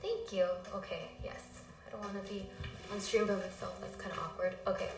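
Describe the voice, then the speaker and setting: A woman's voice: medium pitch, fairly even intonation, brisk. Sick, rambling woman streamer in echoey room. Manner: rambling, apologetic, easily sidetracked. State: sick and out of breath. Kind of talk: casual livestream chat. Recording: echoey room, faint music behind.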